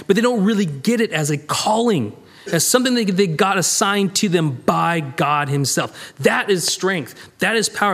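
A man teaching a verse-by-verse Bible study as a minister, talking conversationally and acting out the quoted lines. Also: on the high side. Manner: lively, conversational, reads scripture aloud and acts out quoted lines.

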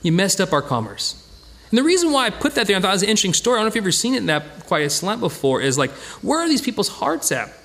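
Animated man leading a Bible study. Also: high voice, very fast, creaky, hardly any pauses. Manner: conversational, animated, acts out quoted voices, many restarts. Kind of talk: informal Bible study teaching.

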